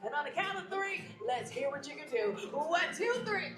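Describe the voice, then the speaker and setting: Sassy high-voiced female show host. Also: animated, moderate pace, echoey room, music in the background. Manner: playful, sassy, laughing crowd banter. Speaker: theme park show host. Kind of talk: live park pre-show hosting to a crowd. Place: outdoor theme park stage.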